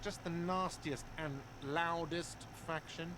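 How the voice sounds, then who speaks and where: An actor playing a grumpy, sarcastic middle-aged bartender in a video game. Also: male voice, on the high side, fairly even intonation, takes it slowly, background noise. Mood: gruff. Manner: sarcastic, grumbling.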